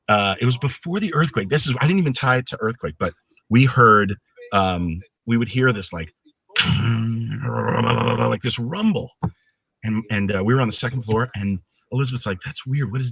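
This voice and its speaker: A man's voice: medium pitch, normal speed, vocal fry, slightly rough. A middle-aged man, a guest on a casual live stream, telling anecdotes with animation and acting out the voices in them. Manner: animated storyteller who acts out the voices in his anecdotes.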